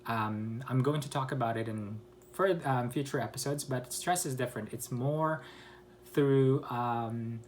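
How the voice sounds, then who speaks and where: A male English teacher leads an online pronunciation lesson, explaining slowly with pauses and self-corrections. He acts out sample questions with exaggerated rising and falling pitch, and there's a little hiss or hum in the audio.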